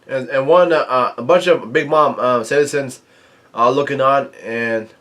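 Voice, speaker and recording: Halting man reading a comic aloud. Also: medium pitch, a bit bright. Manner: halting reading, quotes dialogue without acting it. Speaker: manga reviewer.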